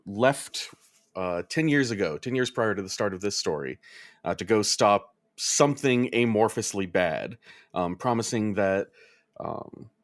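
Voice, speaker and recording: A man's voice: fairly low pitch, no room sound, studio quality. A man on a podcast panel, casually recapping a game's story with frequent ums and uhs. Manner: relaxed, many ums and uhs, chuckles often. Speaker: podcast panelist summarizing a game plot.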